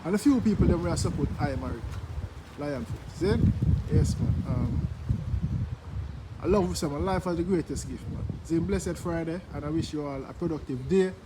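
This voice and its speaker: A man's voice: a little high, moderate pace. A Jamaican man hosting his own vlog in casual promotional chat, laid-back and easygoing, often dropping "yeah, man" and "you see me". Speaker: vlogger host. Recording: loud vehicle noise behind.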